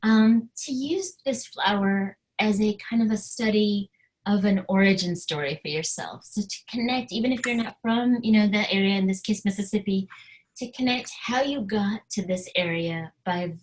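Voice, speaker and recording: Soft-spoken woman, halting webinar talk. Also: medium pitch, poor audio. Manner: hesitant, many filler ums, soft-spoken. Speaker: writer and professor giving a webinar talk. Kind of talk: informal webinar presentation.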